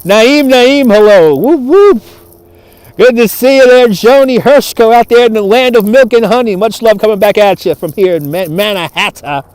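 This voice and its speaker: A man's voice: sits high, moderate pace, darkish tone, clean tone, no room sound. A man hosting a live walking stream outdoors, chatty and laughing as he thanks viewers by name, filmed on a phone on a gimbal. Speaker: livestream host. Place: outdoors on a cold waterfront.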